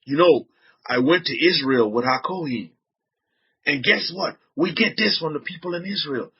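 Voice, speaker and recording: A man's voice: a little high, moderate pace, slightly rough, highs cut off. A man with a Southern US accent giving an informal religious talk to a group. He repeats himself and keeps asking his listeners rhetorical questions. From Southern United States. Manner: repetitive, restarts a lot, fires rhetorical questions at listeners. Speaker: religious teacher addressing a group.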